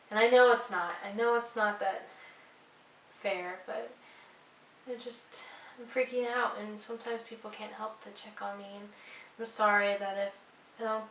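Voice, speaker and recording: A woman's voice: mid-range voice, gravelly, a bit bright, echoey room, recorded from a distance, slight background noise, rough recording. A young woman vlogger telling a personal story, earnest and apologetic, rambling with lots of fillers. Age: young adult.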